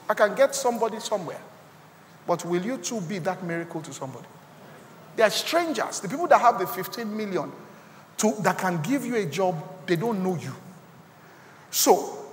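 A man with a Nigerian accent preaching a sermon as pastor, swinging from quiet asides to loud, rising exclamations. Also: very high voice, in a large hall, slight background noise. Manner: preaching with sudden loud rises and quiet drops.

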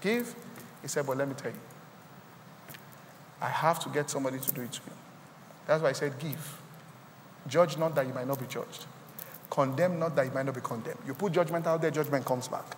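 A man with a Nigerian accent preaching a sermon as pastor, swinging from quiet asides to loud, rising exclamations. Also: medium pitch, a little fast, pauses often, big-room sound, slight background noise. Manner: preaching with sudden loud rises and quiet drops.

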